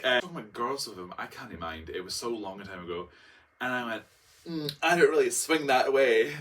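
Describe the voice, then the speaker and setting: A man's voice: medium pitch, animated, fairly quick, a bit bright. A young man telling a personal story in a chatty, dramatic vlog style, full of fillers and acted-out quotes. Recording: voice a bit far from the mic.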